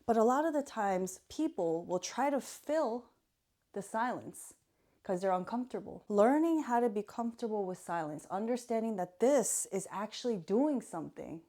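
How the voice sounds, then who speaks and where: A young woman, a student of mental health, giving earnest self-help advice to camera in a calm, measured way. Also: medium pitch.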